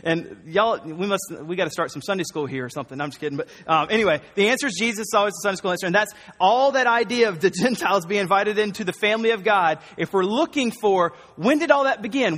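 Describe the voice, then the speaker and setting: A man preaching a conversational, animated sermon, often acting out the voices of the people he quotes. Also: high voice, big-room sound.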